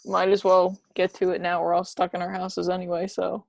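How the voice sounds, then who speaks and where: A woman's voice: lowish voice, completely flat delivery, fairly quick, gravelly, no room sound. A woman co-hosting a casual podcast chat, talking in an earnest, encouraging way. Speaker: podcast co-host.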